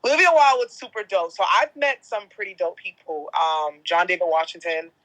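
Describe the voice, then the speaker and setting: A woman in her thirties, a guest on a podcast, telling stories in a lively, casual way and swearing now and then. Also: fairly low pitch, a little fast, low-quality recording. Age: 30s. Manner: animated storyteller, swears casually. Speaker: guest, entertainment host.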